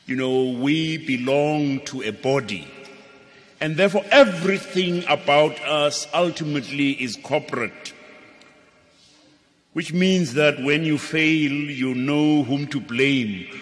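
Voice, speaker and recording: Slow, animated South African preacher. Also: male voice. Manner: playful, swooping storytelling with sudden high exclamations. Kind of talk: sermon. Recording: long hall reverb with faint music.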